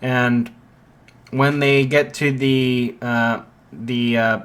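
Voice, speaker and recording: A man's voice: medium pitch, level tone, extremely slow, fairly bright tone, clear, resonant tone. A young man casually retelling a fan story, rambling with many fillers and restarts.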